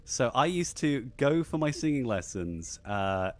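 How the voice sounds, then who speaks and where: A man with a slightly posh southern English accent chats on a live stream, his pitch leaping up and down with lively energy. He rambles and often restarts his sentences in a loose, friendly host's patter. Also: unhurried. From England. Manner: animated and rambling, many restarts. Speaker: podcast host. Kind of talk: casual live-stream chat.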